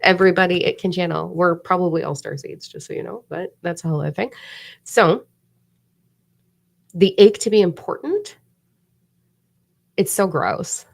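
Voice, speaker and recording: A woman hosting a casual spiritual live stream, animated and swearing freely. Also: on the low side, moderate pace, vocal fry, pauses often. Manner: animated, swears freely, mock voices and whispers for effect.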